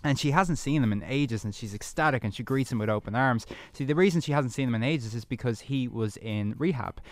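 A man, a film critic reviewing movies in a radio studio chat, rattling off fluent plot summaries with quick asides. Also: medium pitch, dry recording, faint music behind.

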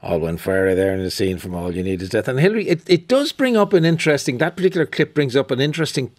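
A man hosting a radio film review, chatty and quick to laugh as he introduces clips. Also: mid-range voice, big pitch swings, darkish tone, no echo. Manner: chatty, laughs often, some restarts. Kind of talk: casual film review chat.

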